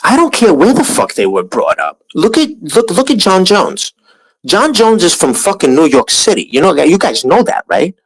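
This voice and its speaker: A man's voice: high-pitched, normal speed, husky, poor audio. A man ranting on a live stream, profane and mocking, sometimes putting on voices to imitate others. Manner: animated, profane, mocking impressions.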